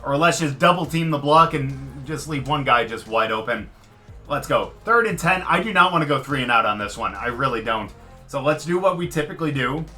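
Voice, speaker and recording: A man giving live commentary over his own football video game, swinging from muttered frustration to loud excitement. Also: on the high side. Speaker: gaming commentator.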